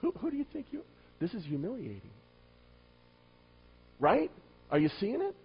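A man preaching a sermon, firing rhetorical questions at the congregation and swinging between loud emphatic lines and quiet low asides. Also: huge pitch swings, normal speed, slight background noise. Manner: asks the listeners many rhetorical questions. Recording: dull lo-fi recording.

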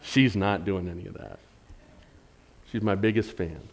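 A man's voice: deep voice, a little slow, vocal fry. Middle-aged man as pastor, conversational sermon, playful asides, big dynamic swings. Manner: conversational preaching with humor and rhetorical questions; dynamic, swinging from loud emphatic to soft.

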